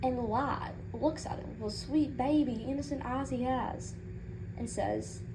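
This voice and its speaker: Playing a proud mother for laughs, a woman with a high voice speaks a little slowly, ranting sassily and rambling in indignation over her son. Her speech has Southern-style turns of phrase, and background noise is noticeable.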